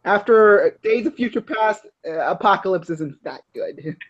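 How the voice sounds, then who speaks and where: A man with a high voice chats casually and laughs easily. His audio comes through dull and lo-fi, like a remote call. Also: animated, a little slow, fairly bright tone. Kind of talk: casual chat.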